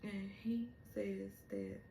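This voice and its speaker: Slow-talking emotional woman recapping a show. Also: mid-range voice, level tone, warm tone, reverberant, slight background noise. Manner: emotional, retelling scenes with rising exclamations. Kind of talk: casual episode recap.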